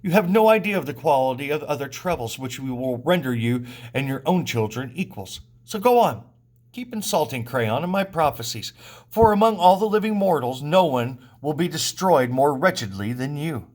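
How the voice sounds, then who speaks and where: A man's voice: on the high side, sing-song, normal speed, a little mellow. A man reading the part of a stern, blind old prophet aloud in a grave, warning tone.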